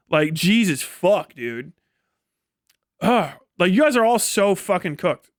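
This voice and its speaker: A man's voice: sits high, expressive, unhurried, dry recording, clean studio sound. A young man streaming live, rambling in a profane, sarcastic rant and laughing scornfully. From United States. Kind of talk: casual rant on a livestream.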